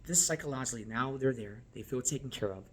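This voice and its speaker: A man training restaurant servers, talking straight to the viewer in an animated, coaching way and checking that they follow along. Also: medium pitch, fast talker, husky. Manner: acts out guest and server lines. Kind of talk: instructional talk to camera.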